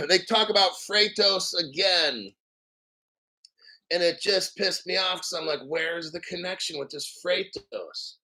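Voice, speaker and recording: A man hosting a crypto livestream, reading an article aloud with profane, sarcastic rambling asides and frequent throat-clearing. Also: high-pitched, slow, pushed and bright, low-quality recording. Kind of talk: profane ranting commentary while reading an article.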